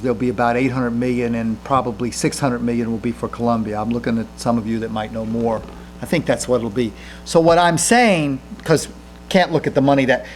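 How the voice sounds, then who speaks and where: 50s guy answering crowd questions, earnest, keeps restarting, normal pitch, faint noise behind. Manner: earnest, halting, frequent restarts. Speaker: guest speaker, senator.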